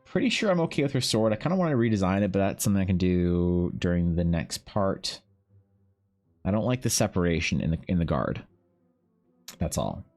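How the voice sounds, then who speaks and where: Low-pitched male streamer who rambles and swears as he works, faint music underneath. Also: sing-song, a little fast, darkish tone. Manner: rambling, swears, talks to himself and chat. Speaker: artist streaming live. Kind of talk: casual live-stream chat while drawing.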